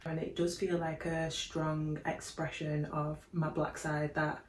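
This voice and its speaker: Brief: woman podcast co-host, low voice, soft and reflective, echoey room. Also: completely flat delivery, a little slow, a little hiss or hum. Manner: soft-spoken, reflective, lots of "like" fillers. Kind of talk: casual chat.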